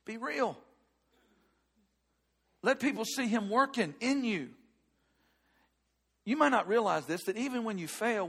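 High-voiced preaching pastor, animated. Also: male voice, husky. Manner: animated storytelling, shifting between loud and hushed. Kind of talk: sermon with personal story.

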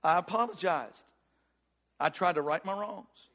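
A middle-aged male pastor preaching a sermon and telling a personal story, shifting between loud emphatic lines and hushed ones. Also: high voice, measured pace.

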